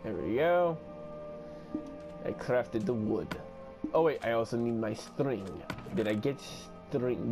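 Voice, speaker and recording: A man giving solo gameplay commentary, playful and profane, talking to himself and breaking into sudden yells. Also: medium pitch, lively intonation, slow pace, over music. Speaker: gaming video host.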